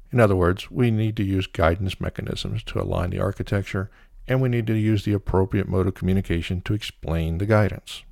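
A man with a very low, gravelly voice talks through his views on a solo podcast. He explains in a measured, opinionated way, dropping in an occasional "uh". The sound is dry and close. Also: a little mellow, no room sound. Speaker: podcast host.

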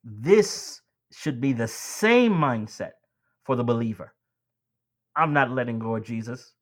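A man's voice: mid-range voice, expressive, measured pace. A man preaching a sermon, talking to the congregation like friends, building to emphatic lines and easing back down. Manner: addresses listeners as beloved and friends.

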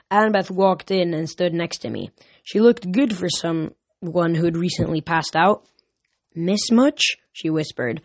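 A man's voice: sits high, no room sound. A man reading a novel aloud casually, with small slips and restarts. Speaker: audiobook reader. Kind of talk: amateur audiobook reading.

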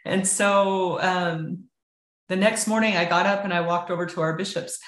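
A woman's voice: fairly low pitch, fairly even intonation, moderate pace, fairly bright tone. A woman telling her personal story of faith as an interview guest, earnest and candid, often saying "like" and "you know". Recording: roomy echo.

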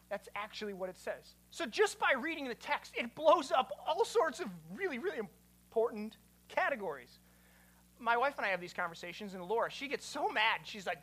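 A man, a pastor, giving an animated teaching sermon and quizzing his listeners. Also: very high voice, a little fast, husky.

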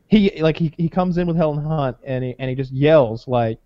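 In a measured, fairly high voice with no room sound, a man co-hosting a podcast spins a rambling story full of profanity. He retells it with animation in casual chat, over slightly dull lo-fi audio.

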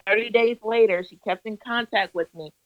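This woman speaks in a mid-range voice at a moderate pace. She's a guest on an interview, telling her story earnestly and emphatically with a preacher-like cadence, and the lo-fi audio sounds slightly dull.

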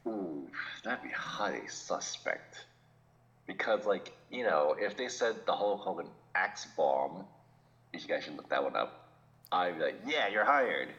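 A man with a deep, fairly bright voice co-hosts a podcast, speaking unhurriedly in casual chat. He jokes along and laughs often, chuckling through the banter. The recording sounds dull and lo-fi.

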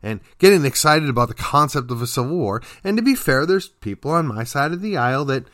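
A man's voice: medium pitch, expressive, fairly quick, a bit bright, dry recording, studio quality. A man hosting a political commentary show, delivering an emphatic opinion monologue with sarcastic asides.

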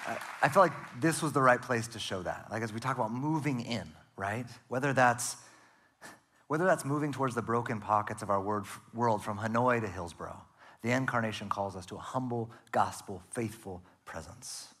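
A man preaching a sermon as pastor, earnest, often dropping to a soft, hushed delivery for emphasis. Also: medium pitch, normal speed.

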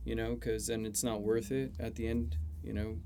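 A man's voice: lowish voice, flat delivery, moderate pace, mellow, a little hiss or hum. A young man, a chef, talking casually on a podcast, swearing freely and leaning on "you know". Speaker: chef guest.

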